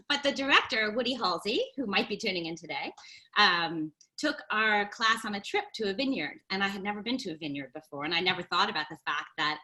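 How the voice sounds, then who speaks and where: An American woman wine educator, a guest on a video call, articulate and quick to laugh. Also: mid-range voice, lively intonation. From United States. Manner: warm, articulate, laughs easily. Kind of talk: interview guest.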